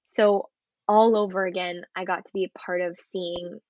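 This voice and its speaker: A young woman, an actress, chatting in an interview and telling an earnest, animated story. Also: on the low side, normal speed, no room sound, highs cut off. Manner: earnest, animated storytelling with acted quotes and laughs. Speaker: actress guest. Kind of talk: casual interview chat.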